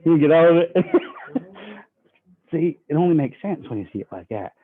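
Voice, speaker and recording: A man's voice: a little high, big pitch swings, moderate pace, long pauses. A man giving a sales training talk, folksy and acting out customer dialogue. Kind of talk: sales training talk with role-played pitches. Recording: tinny phone-like audio.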